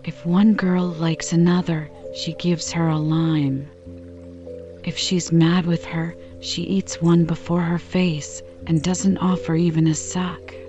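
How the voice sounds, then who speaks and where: A woman's voice: lowish voice, little pitch movement, slow, warm tone, soft background music. A woman reading the lines of an earnest, self-important young girl in an audiobook, in a grave pleading manner. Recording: slightly dull lo-fi recording.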